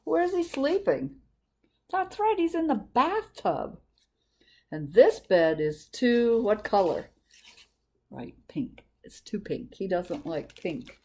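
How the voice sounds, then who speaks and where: A woman librarian reading a picture book aloud to children, gently asking them questions. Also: mid-range voice, sing-song, slow, slightly rough. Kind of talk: storytime read-aloud to children.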